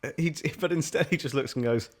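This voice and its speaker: A man's voice: on the high side, a little fast. A man, a podcast guest riffing on a film with giggly, silly jokes. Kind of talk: casual film commentary chat.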